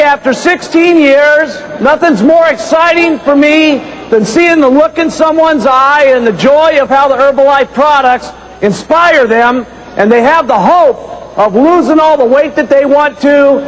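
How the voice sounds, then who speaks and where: Earnest very high-voiced man. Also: slight background noise, rough recording. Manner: earnest, enthusiastic. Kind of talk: testimonial speech.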